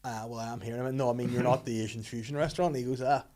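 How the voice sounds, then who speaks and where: A man's voice: medium pitch, fairly even intonation, very fast, a crowd in the background. A young man co-hosting a casual podcast, telling loose, sweary anecdotes in an offhand way. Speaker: podcast co-host.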